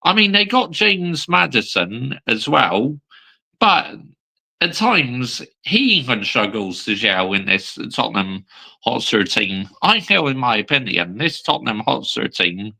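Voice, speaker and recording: A man's voice: medium pitch, very animated, measured pace, vocal fry, bright, forceful tone, rough recording. A young man chatting casually about football on his own channel, swearing freely and repeating "I mean" between points. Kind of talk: casual live-stream football chat.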